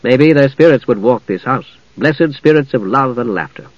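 A man narrating a fantasy novel in a measured, even storytelling manner. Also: mid-range voice, no echo, dull audio. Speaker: audiobook narrator.

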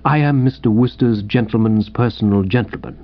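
A man voicing a calm, dignified valet who speaks softly and formally, on a dull lo-fi recording. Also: medium pitch, lightly acted. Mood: composed. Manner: soft, measured, formal speech.

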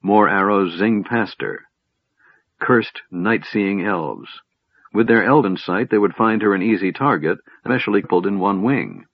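A man reading a fantasy novel aloud as a narrator, in a measured storytelling manner. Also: lowish voice, expressive, no room sound. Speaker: audiobook narrator. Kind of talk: scripted narration with character voices. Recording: dull, lo-fi, dry sound.

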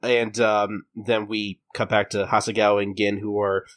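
A man co-hosting a podcast, recapping a manga chapter in casual chat and jumping into high, quoted character voices as he retells the scenes. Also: flat delivery, moderate pace. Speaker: podcast co-host.

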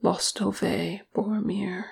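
Woman reading a soft-spoken proud elf man, unhurried. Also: mid-range voice, steady tone, vocal fry. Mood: calm. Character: proud male elf archer, calm.

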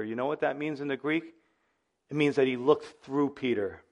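Animated male pastor, slightly high voice. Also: measured pace. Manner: animated, conversational preaching with asides to listeners. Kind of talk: sermon.

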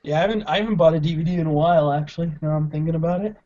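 A man's voice: on the high side, racing, mellow. A man co-hosting a casual chat about comedy films, laid-back, swearing freely and laughing often. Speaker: podcast co-host. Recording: lo-fi dull audio.

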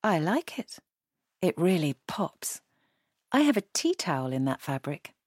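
A woman's voice: low-pitched, very animated, a little slow, a little mellow, dry recording, exaggerated voice. A woman reading aloud and voicing a woman with a dry, teasing manner.

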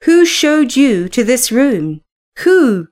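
A woman's voice: sing-song, takes it slowly, a little mellow, heavily acted. A woman voicing a grim, brooding man who mutters angrily. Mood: angry mutter. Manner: low angry muttering.

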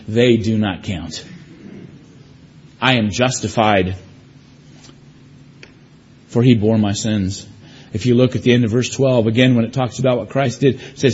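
A man's voice: mid-range voice, breathy edge, muffled recording. A man preaching a sermon, telling personal stories with emphatic, varied delivery. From United States.

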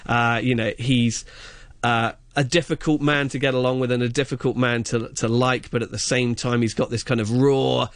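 A man's voice: medium pitch, flat delivery, moderate pace, dry recording, clean studio sound. A man chatting on radio as a film reviewer, enthusiastic and rambling, with many fillers and restarts. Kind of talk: casual radio chat.

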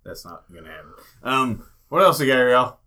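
A man's voice: medium pitch, very animated, normal speed, bright, forceful tone. A man co-hosting a podcast in crude, profane banter, rambling and trailing off mid-sentence. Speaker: podcast co-host.

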